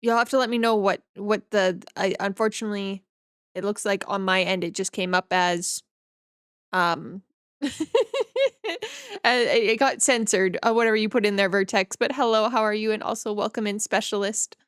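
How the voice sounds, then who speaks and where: A woman's voice: medium pitch, fairly even intonation, moderate pace, fairly bright tone, smooth, no room sound, clean studio sound. A woman from northern Canada, a streamer chatting casually with her viewers in a rambling, easygoing way as she reads and answers chat.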